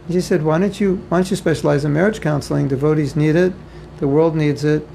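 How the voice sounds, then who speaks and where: A man's voice: a little high, fairly even intonation, fast talker, creaky, dark tone, a little hiss or hum, rough recording. A man from the United States giving an informal spiritual class, conversational with joking asides and frequent repetition. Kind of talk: informal lecture to devotees. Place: home or temple room, faint ambience behind.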